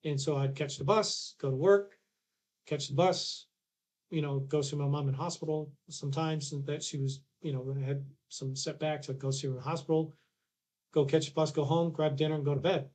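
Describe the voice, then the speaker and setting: A man's voice: on the high side, fairly even intonation, moderate pace, a little mellow. A man, a podcast guest telling a long anecdote with restarts and acted-out dialogue. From Canada. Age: 60s. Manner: rambling anecdotes with restarts, acts out quoted dialogue. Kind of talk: casual storytelling.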